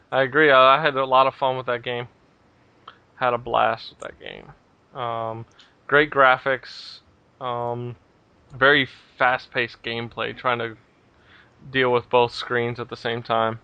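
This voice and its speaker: A man hosting a casual gaming podcast, talking in a relaxed, rambling way with lots of fillers. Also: mid-range voice, slow pace, long pauses, clean tone, no room sound, dull audio. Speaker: podcast host.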